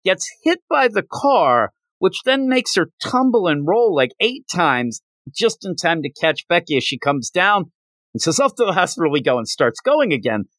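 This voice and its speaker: Podcast guy rambling thru a manga recap, lots of likes and you-knows, animated, dry sound. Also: high voice, measured pace, no echo. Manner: rambling, animated storytelling with fillers. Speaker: podcast host.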